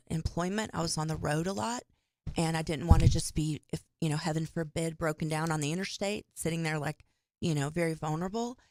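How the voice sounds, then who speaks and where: Plainspoken low-voiced woman debating. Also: a little mellow, dry recording. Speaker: mayoral debate participant. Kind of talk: conversational debate on radio. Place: radio studio.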